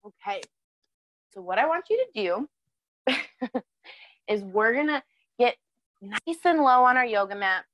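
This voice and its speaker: A woman's voice: a little high, animated, measured pace, pauses often, fairly bright tone. A woman leading a children's yoga class, cheerful and encouraging, asking the kids questions as she guides their breathing.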